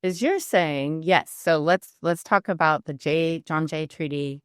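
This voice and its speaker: A woman, a history professor, answering interview questions in a lively, explanatory way. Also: low voice, unhurried, clear, resonant tone, no room sound, clean studio sound.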